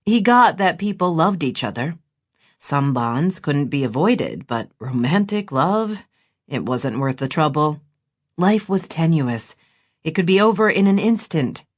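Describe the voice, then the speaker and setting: A woman narrating an audiobook in expressive, scripted storytelling. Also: low-pitched, measured pace, husky.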